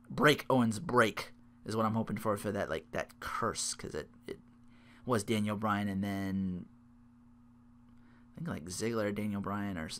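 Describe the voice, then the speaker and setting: A man's voice: on the low side, a little hiss or hum. A tired man hosting a solo podcast, rambling and interrupting himself as he recaps. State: sleep-deprived. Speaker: podcast host.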